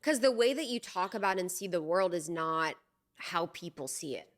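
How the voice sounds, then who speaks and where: A woman's voice: fairly low pitch, expressive, normal speed. A young adult woman hosting a podcast, chatting casually and animatedly, often laughing and saying "like". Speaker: podcast host. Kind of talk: casual conversation.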